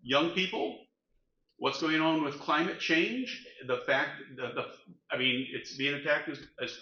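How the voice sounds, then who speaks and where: A man's voice: on the high side, fairly even intonation, measured pace, bright, forceful tone. An older man speaking earnestly as a panelist at a community event, rallying the room. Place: meeting room. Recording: roomy, dull event recording.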